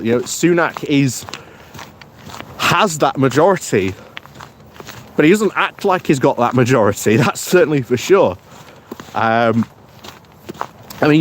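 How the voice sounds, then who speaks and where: An Englishman streaming live while out on a morning walk, talking in a loose, rambling way and chuckling often as he greets viewers by name. His pitch sits at an ordinary middle level. A faint noise hangs behind the voice. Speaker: political vlogger reading live chat. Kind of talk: casual live-stream commentary.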